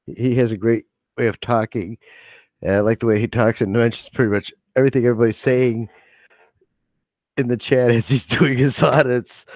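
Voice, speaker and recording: A man's voice: medium pitch, steady tone, normal speed, darkish tone, no echo. A man hosting a casual late-night livestream from home, rambling, joking and laughing often. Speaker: livestream host. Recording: dull dry home mic.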